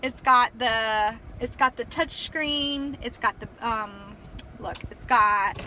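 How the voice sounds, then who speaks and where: Young woman, emotional chatty vlogger, higher bright voice, faint hiss. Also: slow pace. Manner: chatty, emotional, lots of fillers. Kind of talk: casual testimony vlog. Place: inside a car.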